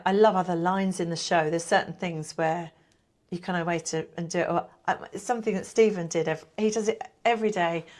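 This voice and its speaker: A middle-aged woman and pantomime performer chatting in an interview, telling lively stories and acting out what people said. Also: fairly low pitch. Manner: chatty, animated storyteller who acts out quotes. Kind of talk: casual interview chat.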